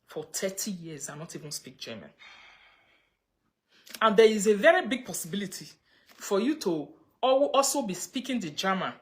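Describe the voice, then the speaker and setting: A Nigerian woman chatting casually on a livestream, reading viewer comments and mixing pidgin with English. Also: on the low side. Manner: chatty, mixes pidgin and English, breaks into laughter. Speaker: livestream host.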